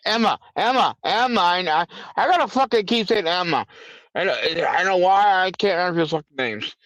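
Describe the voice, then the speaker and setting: An irritated man hosting a live stream, ranting and swearing with a fairly high voice. The sound is dry and dull, like low-grade stream audio. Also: animated, a little fast, a bit bright, no room sound. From United States. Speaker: livestream host. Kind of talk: angry political rant and call-in chat.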